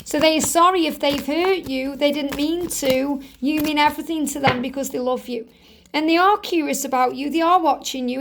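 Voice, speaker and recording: A woman giving a tarot reading, speaking earnestly and reassuringly straight to the viewer and repeating key phrases for emphasis. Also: high voice. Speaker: tarot reader.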